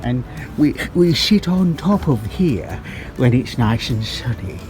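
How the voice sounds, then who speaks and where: A man voicing a loyal, gentle male dog who talks very slowly and earnestly. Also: mid-range voice, animated, background noise.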